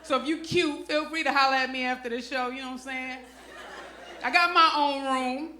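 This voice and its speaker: New lady doing standup, high lively voice, punchy and slangy, echoey club room. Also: normal speed. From Brooklyn, New York. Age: middle-aged. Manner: animated, punchy delivery with slang and playful asides to the crowd. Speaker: stand-up comedian. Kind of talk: stand-up comedy set. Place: comedy club stage.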